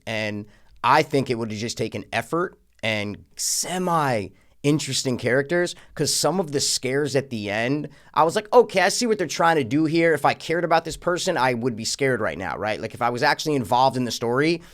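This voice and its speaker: A man's voice: mid-range voice, animated, a little fast, fairly bright tone. A man co-hosting a podcast, ranting casually and profanely about a horror film, with mocking impressions of the characters. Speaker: podcast co-host. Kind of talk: casual film review rant.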